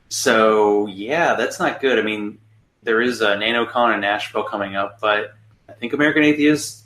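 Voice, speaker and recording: A man's voice: lowish voice, a bit bright. A man hosting a podcast, chatting in a conversational, somewhat hesitant way. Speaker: podcast host. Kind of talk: casual chat. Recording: roomy echo.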